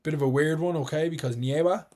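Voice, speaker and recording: Teaching a live exam-prep session online, this Irish man speaks in a fairly high, somewhat dark voice. He's patient with his explanations and says words over slowly and distinctly.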